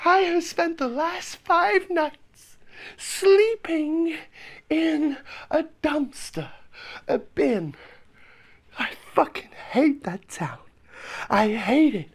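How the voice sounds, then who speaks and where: A man voicing a brash, volatile, foul-mouthed male dancer who swears constantly and bursts into shouting, performed live in a comedy venue. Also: high voice, big pitch swings, slow, pauses often, slightly rough, full character voice. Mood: aggrieved. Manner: swearing, swings into shouted outbursts.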